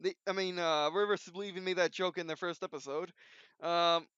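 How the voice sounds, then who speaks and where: A man's voice: high-pitched, fairly even intonation, fairly quick, fairly bright tone, clean tone, no room sound. A man hosting his own video, talking off the cuff in a rambling way, full of restarts and fillers, in a dull lo-fi recording. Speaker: video host. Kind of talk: unscripted casual commentary.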